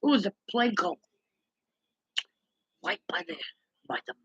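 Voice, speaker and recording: Woman, breathy, lively pitch, rambling casual vlog chatter, mutters and trails off. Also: unhurried, no echo, highs cut off. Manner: muttering loosely to herself, trailing off. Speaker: vlogger.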